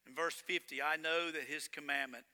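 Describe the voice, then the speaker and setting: A man preaching a sermon as pastor, swinging between loud emphatic lines and hushed ones. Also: a little high, steady tone, moderate pace, in a large hall.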